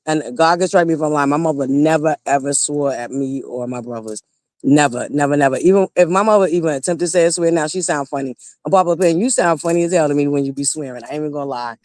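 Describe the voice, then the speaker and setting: A woman's voice: deep voice, fast talker, no room sound, studio quality. Laughing Southern woman hosting a chat. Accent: Southern American. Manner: animated, laughs often, talks to viewers as y'all. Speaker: livestream host. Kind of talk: casual gossip chat.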